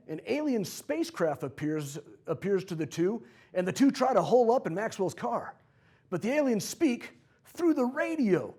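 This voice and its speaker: A man's voice: high voice, a little mellow, husky. A man in his forties, a history teacher, telling a history story in a playful, jokey way for a comedic vlog.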